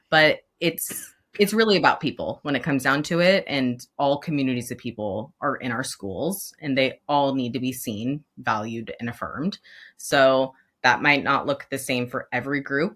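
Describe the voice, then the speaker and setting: Low-pitched woman guest, candid and expressive, laughs often. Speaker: elementary school counselor, guest. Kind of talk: candid podcast conversation.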